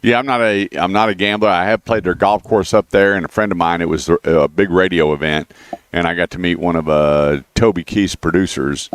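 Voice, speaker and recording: Deep-voiced male radio host, folksy. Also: fairly quick, clean tone, dry recording. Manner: folksy storyteller, animated when quoting others. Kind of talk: casual radio chat. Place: radio studio. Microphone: studio microphone.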